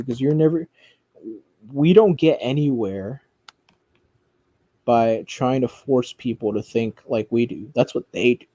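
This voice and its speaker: This is a man doing commentary streaming, his medium-pitched voice mellow and free of any room sound. His talk is loose and profane, full of fillers, with frequent swearing and sentences he abandons and begins again.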